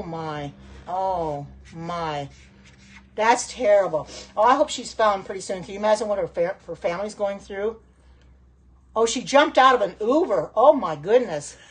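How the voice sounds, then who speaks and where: Her voice is mid-range and slightly rough as this middle-aged woman cooks in her home kitchen during a casual phone livestream. She chats along the way, responds aloud to comments from viewers, and frequently exclaims.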